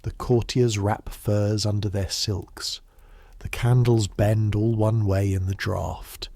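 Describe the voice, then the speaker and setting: A man narrating a scripted bedtime history story in the second person, slow, soft and unhurried, with hushed asides. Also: lowish voice, flat delivery, creaky, no echo, clean studio sound.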